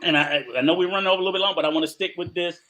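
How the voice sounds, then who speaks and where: An older man with a high voice talks rapid-fire as a podcast co-host in casual conversation. He tells animated stories, laughs a lot and acts out other people's voices.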